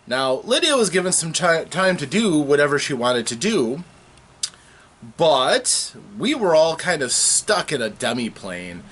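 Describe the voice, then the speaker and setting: A man casually recapping a tabletop game session, telling it with animated, halting restarts. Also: on the high side.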